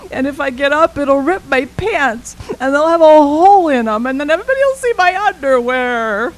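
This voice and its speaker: A woman's voice: high-pitched, lively intonation, normal speed, voice pushed up, poor audio. A woman doing a small worried schoolgirl. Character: young girl, embarrassed and tearful.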